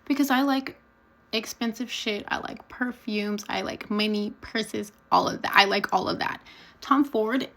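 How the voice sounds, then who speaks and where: A woman's voice: mid-range voice, a little slow, fairly bright tone, poor audio. A woman vlogger chatting candidly and bluntly as she tells a personal story, laughing now and then. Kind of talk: casual storytelling to camera.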